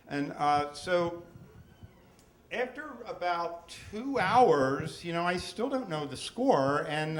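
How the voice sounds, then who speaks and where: Man, 60s, live story slam teller, slightly high voice, chatty with stammered restarts, echoey room mic. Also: a little hiss or hum. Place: stage in a room with an audience.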